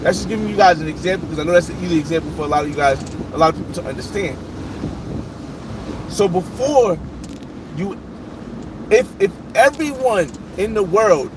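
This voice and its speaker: This man talks in a fairly high voice as he drives and streams live, greeting viewers by name and chatting loosely about what is on his mind. Clear road and engine noise runs under the voice, picked up by a phone mic inside the car. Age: adult. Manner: talks to chat, reading names and shouting out viewers. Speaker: livestream host. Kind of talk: casual live chat while driving.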